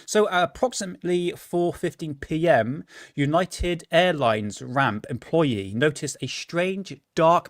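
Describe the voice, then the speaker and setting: A man's voice: fairly high pitch, dry recording, clean studio sound. A man co-hosting a live-stream chat, reading out a case with stumbles and chatty asides. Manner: reads stumblingly with asides and laughs. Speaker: podcast co-host.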